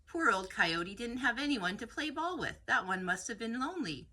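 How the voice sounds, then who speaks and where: A woman's voice: fairly high pitch, expressive, normal speed, sharp tone, pitched above the performer's own voice. A woman reading a story aloud, voicing a playful old female coyote who laughs and asks childlike questions. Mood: curious.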